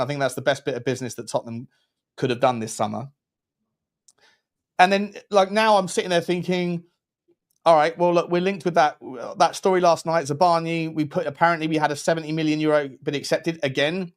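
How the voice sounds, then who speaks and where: A man's voice: on the high side, a little fast. A man hosting a casual football watchalong, rambling and restarting his sentences. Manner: rambling, restarts phrases, chatty. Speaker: host.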